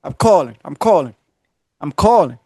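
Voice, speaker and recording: A man on a podcast tells a long personal story in loose slang. His pitch swings all over the place as he acts out other people. The sound is close and dry, with no room echo. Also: moderate pace, husky. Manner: animated, slangy, jumps into high voices to act out others. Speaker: podcast host. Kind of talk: casual storytelling. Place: podcast studio.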